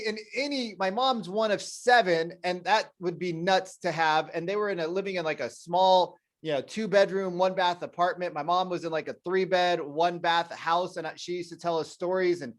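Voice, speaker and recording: Chatty high-voiced male podcast host. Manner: enthusiastic, rambling, chatty. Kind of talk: casual interview intro.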